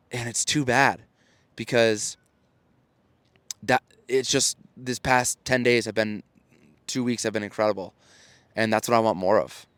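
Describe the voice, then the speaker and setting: Recorded with no room sound, a man in his 30s with a lowish yet fairly bright voice speaks in a clear, resonant tone. As a storytelling coach hosting his own podcast, he gives a casual solo talk that's earnest and encouraging, often beginning sentences again.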